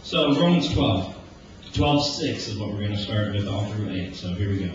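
A man in his forties gives a loose, joking sermon and often slips into acted-out bits of everyday talk. His pitch swings widely as he preaches. He is heard from far off in a very echoey church, on a dull, lo-fi recording with a clear hiss behind him. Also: normal speed. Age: 40s. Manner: animated and joking, acting out everyday dialogue. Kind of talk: casual conversational sermon. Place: church sanctuary.

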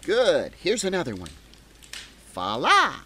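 A woman's voice: on the low side, wildly swooping pitch, slow pace, heavy background noise, exaggerated voice. A woman voicing a cheerful female talking Christmas tree who leads a crowd, with a bubbly, giggly, sing-song manner, over jingle bell music. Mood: playful. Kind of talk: children's show character voice.

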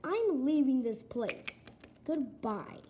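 A woman's voice: sits high, big pitch swings, takes it slowly, highs cut off, slight background noise, full character voice. A female performer voicing an angry, defiant young pet who has found out it is adopted, in a toy-pet home video role-play. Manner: sulky, yelling back.

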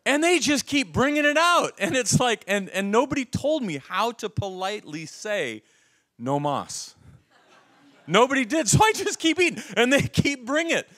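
A man's voice: very high voice, normal speed, hardly any pauses. A middle-aged man preaching a sermon, telling stories animatedly and putting questions to his listeners. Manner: animated storytelling, asks the audience questions. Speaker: pastor.

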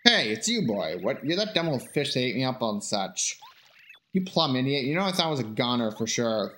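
A man's voice: mid-range voice, very animated, fairly quick, fairly bright tone, a little hiss or hum. A man voicing a short-tempered bug with a folksy country drawl and a grumbling way of talking. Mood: scolding.

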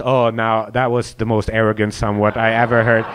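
A man's voice: medium pitch, expressive, normal speed, fairly bright tone. A young man doing stand-up crowd work, riffing with the audience and acting out mocking voices in a comedy club. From Hungary and South Africa.

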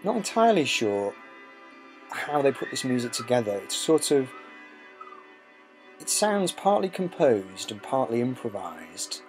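A man's voice: mid-range voice, very animated, measured pace, pauses often. A man hosting a casual talk about records, rambling with many fillers. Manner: rambling, many ums and uhs. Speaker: host. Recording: music playing behind.

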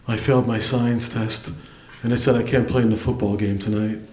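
A man on a comedy stage voicing his dim-witted, hulking younger brother in a slow, low, dopey voice. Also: steady tone, natural voice. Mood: glum. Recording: echoey club with a laughing crowd.

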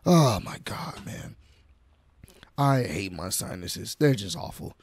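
A young man with a hoarse, nearly lost voice, casually reacting to wrestling clips as host of his own video. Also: lowish voice, very animated, slow pace. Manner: laid-back, chatty, swears now and then.

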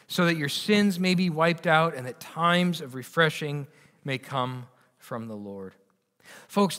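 A male pastor preaching a sermon earnestly, often restarting his words and moving between raised and hushed delivery. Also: fairly high pitch, long reverb tail. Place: church sanctuary.

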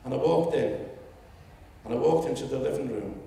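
A man's voice: medium pitch, normal speed. Older Liverpool man speaking in a hall. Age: 70s. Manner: storytelling, rising to loud indignation. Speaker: public meeting speaker. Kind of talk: impassioned public speech. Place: lecture hall. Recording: echoey hall, distant mic.

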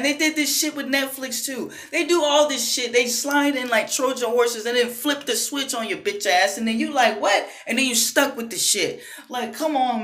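A woman's voice: high-pitched, fairly bright tone. A woman vlogger in an angry, profane rant, often asking "you know what I mean". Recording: echoey room.

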